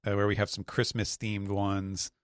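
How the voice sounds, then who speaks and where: A man's voice: lowish voice, completely flat delivery, moderate pace, clear, resonant tone, no room sound, clean studio sound. A man on a podcast panel, chatting casually and describing things in a rambling way, with lots of fillers. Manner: rambling, filler-heavy description with acted quotes. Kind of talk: casual chat.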